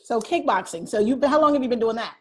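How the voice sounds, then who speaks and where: Fast-talking husky woman co-host. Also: fairly high pitch, expressive. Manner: quick, chatty, asks questions. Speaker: podcast co-host. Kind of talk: casual interview chat.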